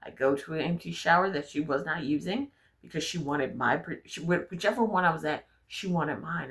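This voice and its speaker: A young adult woman vlogging, telling personal stories in a frank, animated way and swearing freely. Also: low voice, fairly quick. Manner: frank, profane, animated storyteller. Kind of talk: candid personal storytelling.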